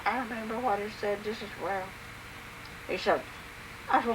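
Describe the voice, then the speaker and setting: An older woman with a drawl recalls family memories in a homey oral history recording. Her voice sits at an ordinary middle pitch, and she talks plainly and unhurriedly, filling her pauses with "and, uh". A faint hiss runs underneath. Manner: plain, unhurried narration with frequent "and, uh".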